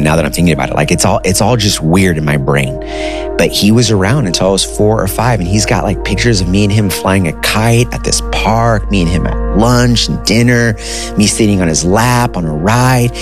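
A man in his thirties casually telling a personal story, loose and conversational, with lots of "like" and "dude". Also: rumbling low.

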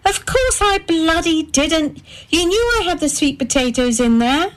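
A bitter middle-aged wife and mother, as a woman reader puts her on, shrill and tearful, hurling accusations. Her voice climbs high above the narration. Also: big pitch swings, measured pace. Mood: accusing.

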